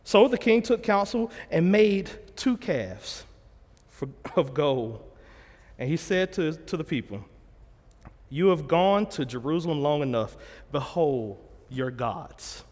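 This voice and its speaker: High-voiced man preaching in a hall. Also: lively intonation, slow pace, darkish tone. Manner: retells scripture in a plain, conversational way, correcting himself often. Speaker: pastor. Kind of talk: sermon.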